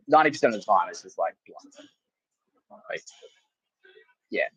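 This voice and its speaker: A man hosting a comedy podcast, telling a rambling story with lots of swearing, laughter and loudly acted-out quotes. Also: fairly low pitch, expressive, moderate pace, breathy edge, no echo, low-quality recording. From Australia. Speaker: podcast host.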